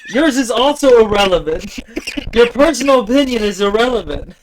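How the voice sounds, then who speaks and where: A young man hosting a casual podcast, sarcastic and crude, with a deadpan delivery. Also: extremely high pitch, moderate pace, low-quality recording. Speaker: podcast host. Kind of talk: casual joking chat.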